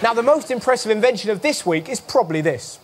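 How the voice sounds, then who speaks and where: A man's voice: high voice, lively intonation, fast talker, over loud music. A man hosting a topical comedy show, delivering a cheeky, mocking monologue with sudden voiced asides. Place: television studio stage before a live audience. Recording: studio audience roaring with laughter.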